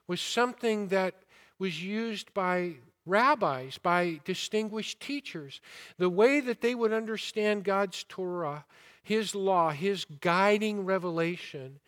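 Slow-preaching high-voiced man. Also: long reverb tail. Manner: deliberate preaching with rising emphasis and quiet asides. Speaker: pastor. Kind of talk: sermon.

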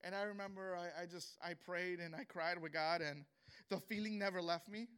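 High, bright-voiced man telling a testimony. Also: fairly even intonation, clear, resonant tone. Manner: earnest and emotional, halting with many restarts. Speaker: speaker sharing a personal testimony. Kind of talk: emotional spoken testimony.

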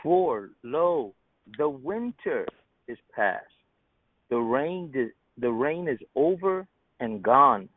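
A man on a podcast panel reading Bible verses aloud in a measured way. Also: medium pitch, expressive, no room sound. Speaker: scripture reader on a podcast panel. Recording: dry, phone-like sound.

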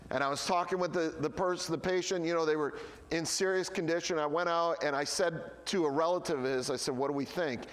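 A male pastor preaching a sermon in an animated style, firing off rhetorical questions and dropping to hushed asides. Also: fairly high pitch, a little fast. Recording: long hall reverb.

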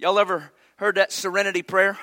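Man, pastor, folksy sermon, high voice, emphatic peaks. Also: level tone, fairly quick, sharp tone.

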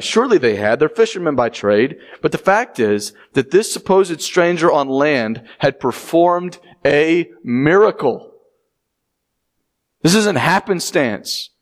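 A man preaching a conversational sermon, often acting out the people he quotes. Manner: conversational preaching, acts out quotes with rising pitch. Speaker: pastor.

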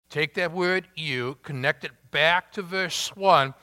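A man preaching a sermon, slow and emphatic, drawing out key words with long pauses. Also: on the high side, sharp tone. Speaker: pastor.

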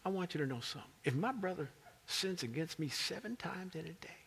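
A self-satisfied apostle who swings from boasting to whining, his pitch leaping high as he pleads for credit, put on by a preacher in a sermon. The voice runs lively and animated. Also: a little fast, gravelly, breathy edge, in a large hall, full character voice. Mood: boastful. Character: eager apostle Peter, a man boasting.

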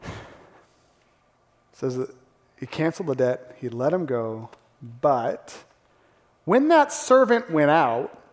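High-pitched man, preaching a sermon, animated, echoing hall. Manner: animated, acts out gasps and quotes. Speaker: pastor. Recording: long hall reverb.

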